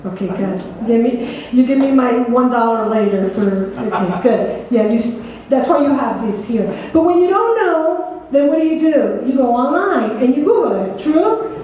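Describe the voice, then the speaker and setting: A woman's voice: high voice, expressive, moderate pace, dull audio, a little hiss or hum. A woman from New Jersey with a New Jersey accent, presenting a workshop seminar and quizzing her audience by name. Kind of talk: interactive seminar talk. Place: meeting room with an audience. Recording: echoey room from a distance.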